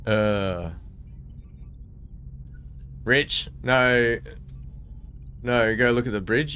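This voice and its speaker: A man's voice: medium pitch, slow pace, long pauses, bright, forceful tone, smooth, soft background music. An Australian man streaming a game live, chatting with viewers and reading the on-screen text aloud. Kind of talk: casual live gameplay commentary.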